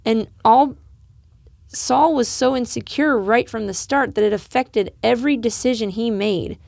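A woman's voice: fairly high pitch, a little slow, gravelly, darkish tone, no room sound, studio quality. A woman co-hosting a casual Bible study chat, earnest and encouraging, laughing often. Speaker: podcast co-host discussing scripture.

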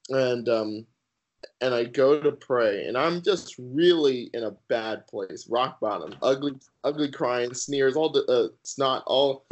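A man guest on a podcast sharing his personal faith testimony in an earnest, halting way with many fillers. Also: medium pitch, a little mellow, highs cut off.

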